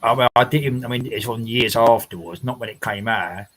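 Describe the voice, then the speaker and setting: A livestream host with a medium-pitched, fairly bright voice talks at a moderate pace from his house. Reading viewer comments, he chats ramblingly, laughing often and throwing in the occasional swear word. The recording is rough.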